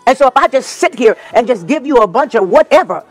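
He's a minister of the gospel with a very high-pitched, animated voice and a fast delivery, faint music playing behind. In his sermon he tells personal stories informally, repeats phrases for emphasis and sometimes slips into song.

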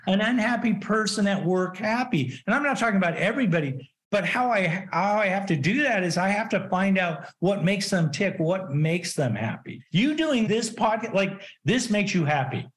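Podcast guest, middle-aged man, slightly high voice, animated storyteller who acts out quotes. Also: normal speed, hardly any pauses. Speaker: podcast guest, business consultant. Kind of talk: casual interview storytelling.

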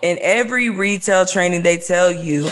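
A man's voice: high voice, normal speed, a bit bright. A young man in casual podcast chat, emphatic and slangy, swearing often.

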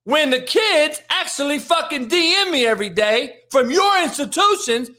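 Really high-pitched guy ranting about sports, sharp and intense, cussing nonstop. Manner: angry, yelling, heavy swearing. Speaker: host of a daily rant show. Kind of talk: profane sports rant.

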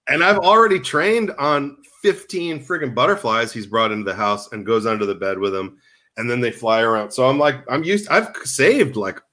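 A man in casual comedic chat, telling animated stories as a podcast co-host. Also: medium pitch, moderate pace. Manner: animated storytelling with laughs.

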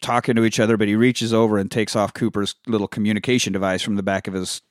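Man, casual film recap, profane storyteller, low pitch, dry mic. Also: flat delivery, fast talker, dry recording. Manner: profanity-laced storytelling with quoted character voices. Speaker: podcast co-host recapping a film.

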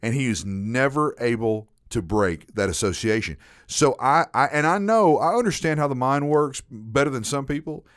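Brief: male podcast host, lively casual storyteller, mid pitch, dry sound. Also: moderate pace, hardly any pauses, no room sound. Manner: animated, repetitive storyteller.

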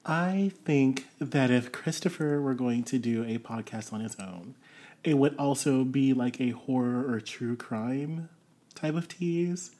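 Casting: woman, low and unhurried, blunt giggly friend. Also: warm tone. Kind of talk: casual chat.

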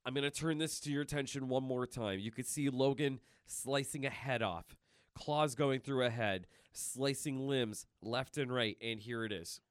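A man co-hosting a casual podcast, talking excitedly and rambling with many fillers. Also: medium pitch, normal speed, clean tone, dry recording, studio quality. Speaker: podcast co-host. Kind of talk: casual chat.

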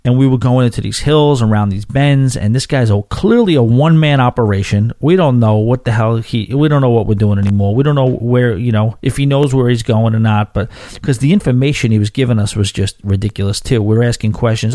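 Podcast host from New York, warm low-key tone, dry close sound, swearing rant with lots of restarts. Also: male voice, a little fast, no room sound. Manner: animated, profane ranting with frequent restarts. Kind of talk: casual storytelling monologue.

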